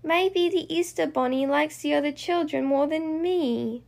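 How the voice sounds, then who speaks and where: A woman's voice: very high-pitched, big pitch swings, normal speed, gravelly, a little mellow, voice pushed up, exaggerated voice. A woman voicing a small younger girl puppy who worries easily and talks in a whiny, doubtful way. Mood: gloomy.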